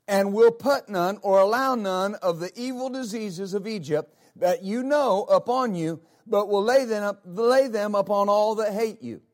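Man, pastor, sermon, high voice, emphatic, amen after each point. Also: measured pace, few pauses, darkish tone. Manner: emphatic, repeats words, calls out amen.

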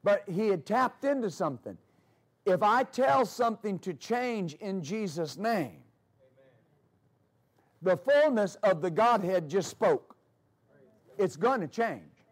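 A high-voiced man delivers a sermon as a pastor. He repeats key phrases for emphasis and slips into storytelling with fillers. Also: animated, slow, pauses often. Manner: preaching with emphatic repetition.

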